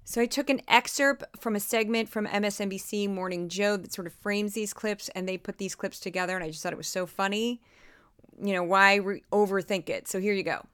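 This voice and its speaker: A woman hosting a podcast, talking in a lively, sarcastic, laughing way. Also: mid-range voice, brisk, clean tone. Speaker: podcast host. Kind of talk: casual commentary.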